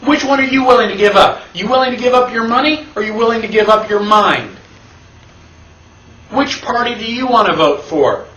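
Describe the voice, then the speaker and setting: An emphatic man with a fairly high voice teaches a classroom lecture and keeps throwing rhetorical questions at his listeners. The sound is roomy and echoey. The mic sits at some distance from him. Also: expressive, a little fast, sharp tone, a little hiss or hum. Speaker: constitution class instructor. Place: classroom with an audience.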